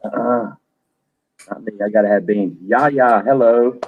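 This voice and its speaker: This middle-aged streamer talks unhurriedly in a fairly low, narrow voice over tinny audio. He keeps the livestream chat loose, cursing from time to time and saying hello to viewers by name.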